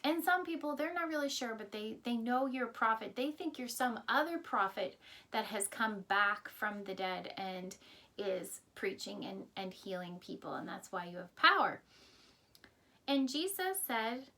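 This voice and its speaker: A woman's voice: fairly high pitch, expressive, a little slow, bright, forceful tone. A woman teaching a Sunday school lesson, retelling a Bible story in simple words and often reminding her listeners of earlier lessons.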